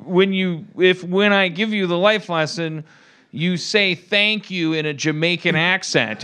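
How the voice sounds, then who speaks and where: A man hosting a podcast, goofing through an improvised comedy scene with self-mocking bursts of shouting. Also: sits high, a little slow, background noise. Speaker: podcast host.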